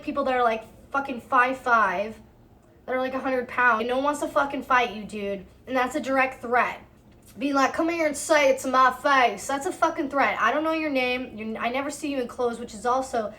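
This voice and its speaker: A woman in her twenties tells a long storytime vlog with heated, profane energy. Her voice sits a little high. She replays her own side of the arguments in the telling. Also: a bit bright. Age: 20s. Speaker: storytime vlogger. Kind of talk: casual storytime narration.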